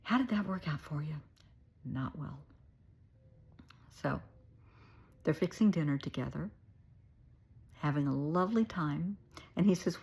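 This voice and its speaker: A woman's voice: low voice, expressive, unhurried, vocal fry, pauses often, darkish tone, slightly rough. A middle-aged woman therapist with a Southern US accent, telling a story with emphatic, wry asides. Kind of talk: storytelling advice video.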